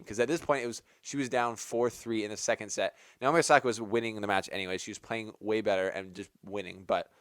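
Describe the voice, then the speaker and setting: Chatty and rambling, a male tennis channel host shares his take on a match, peppering it with "like" and starting over as he works out his thoughts. His voice is lowish, smooth and clear. Recorded close and dry, it has no echo at all.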